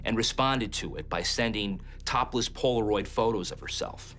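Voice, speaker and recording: A man's voice: on the low side, normal speed, fairly bright tone, slight background noise. A man, a local journalist, recounting events in a matter-of-fact, storytelling way during a documentary interview. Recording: music bed under the voice.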